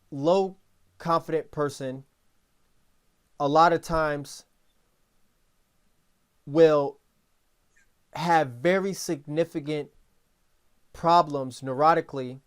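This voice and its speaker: Rambling, animated podcast host man. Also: fairly high pitch, smooth. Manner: rambling, animated storytelling with restarts. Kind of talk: casual podcast talk.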